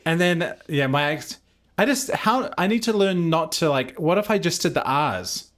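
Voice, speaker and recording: A man co-hosting a casual podcast chat, animated and playful, often trailing off mid-sentence. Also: a little high, moderate pace. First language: not American English. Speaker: podcast co-host.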